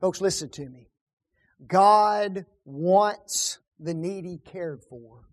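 A man preaching on a psalm, firing rhetorical questions and repeating key words, often dropping his voice to a hush. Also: high voice, takes it slowly. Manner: rhetorical questions, dramatic drops to hushed tones. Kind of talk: sermon on a psalm.

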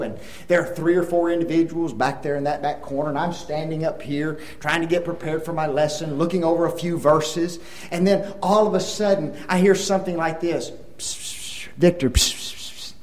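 A man's voice: on the high side, roomy sound, poor audio. An older man preaching a Bible lesson, telling stories, acting out dialogue and asking the audience questions. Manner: animated storytelling, acts out dialogue, asks the audience questions. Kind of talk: sermon.

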